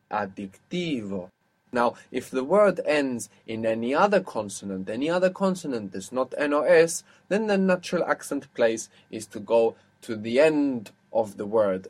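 A man's voice: mid-range voice, breathy edge. A man teaching an audio language lesson, explaining patiently and quizzing his student.

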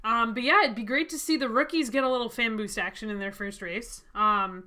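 A woman's voice: fairly high pitch, brisk, sharp tone. A woman co-hosting a podcast in casual chat, enthusiastic and joking. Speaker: podcast co-host.

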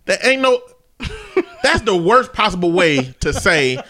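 High, bright-voiced joking man. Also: wildly swooping pitch, takes it slowly. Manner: joking, profane, laughing storyteller. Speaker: podcast co-host. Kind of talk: casual comedic chat.

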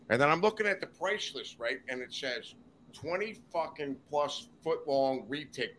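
In a podcast studio, a male guest with a mid-range voice tells a wild story, cursing freely and laughing as he goes. It's casual, animated storytelling, and there's a little hiss or hum on the audio.

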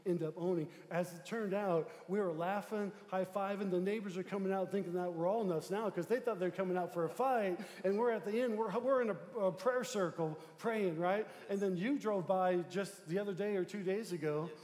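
A man who is a pastor, telling a story in a sermon, swinging between loud excitement and hushed tones. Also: high-pitched, normal speed, hardly any pauses, roomy sound, long reverb tail. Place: church sanctuary.

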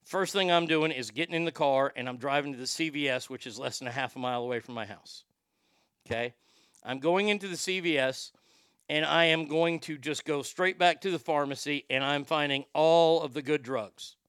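A man's voice: a little high, moderate pace, fairly bright tone, clean tone, no echo, clean studio sound. A man hosting a show in a rambling, profane comedic rant, often stammering and repeating words. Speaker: show host.

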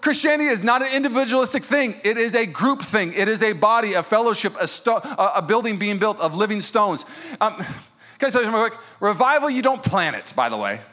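Fervent male pastor, bright voice. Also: high-pitched, expressive, a little fast. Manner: fervent, swings between loud preaching and quiet prayer. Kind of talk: sermon.

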